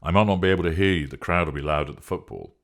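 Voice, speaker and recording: A man's voice: sits low, racing. A man reading a story, voicing a worried, protective man asking earnest questions on the phone. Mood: concerned.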